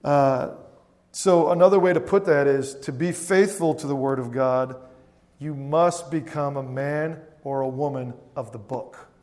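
A man's voice: medium pitch, measured pace, darkish tone. A man preaching a sermon as pastor, often calling out "Amen?" to the congregation. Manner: preaching with frequent "Amen?" call-outs to the congregation. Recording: long hall reverb.

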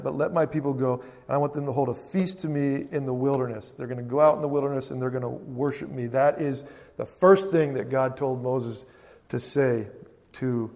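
A man preaching a sermon earnestly, repeating phrases for emphasis and moving between quiet passages and loud declarations. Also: mid-range voice, moderate pace, in a large hall.

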